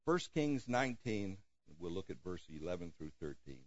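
Lively gentle male preacher. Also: low voice, moderate pace, no room sound, lo-fi sound. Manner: gentle, lively preaching with soft drops and chuckles. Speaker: pastor. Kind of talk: sermon.

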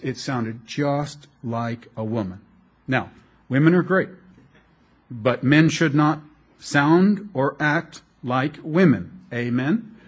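A middle-aged man preaching a sermon as a pastor, telling animated, jokey stories with frequent restarts. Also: on the high side, slightly rough.

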